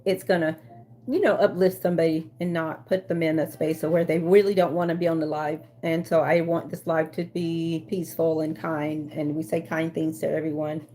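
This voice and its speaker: A woman's voice: low-pitched, level tone, normal speed, dark tone. A woman hosting a casual livestream, reading viewer comments aloud and chatting back with lots of fillers and restarts. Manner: rambling with frequent fillers and restarts. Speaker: livestream host.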